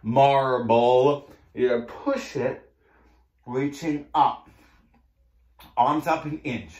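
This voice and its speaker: A man's voice: on the high side, takes it slowly. A man with a Boston accent cueing a mat Pilates class, playful and jokey as he counts through the moves. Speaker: Pilates instructor.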